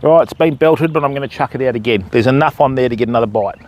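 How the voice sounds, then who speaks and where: A man's voice: fast, a little mellow, a little hiss or hum. An Australian man chatting on a live fishing stream, talking to his viewers and to dogs outdoors by the water. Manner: chatty, calls dogs in a high sing-song voice.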